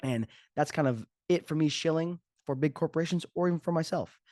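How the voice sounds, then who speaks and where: A man's voice: a little high, a little fast, a little mellow, dry recording, clean studio sound. A man hosting his own podcast as a fitness coach, talking casually and joking off the cuff. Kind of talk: casual solo podcast talk.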